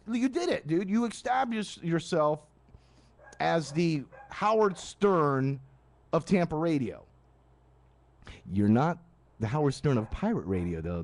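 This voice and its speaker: A man hosting a late-night pirate radio show, ranting in a casual, animated way with frequent restarts and asides. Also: a little high, gravelly. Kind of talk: live ranting monologue. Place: live stream studio at night.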